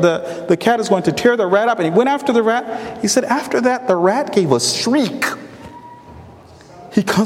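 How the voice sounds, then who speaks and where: A man preaching a sermon to brothers and sisters, telling a story with animated quoted voices. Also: high-pitched, long reverb tail.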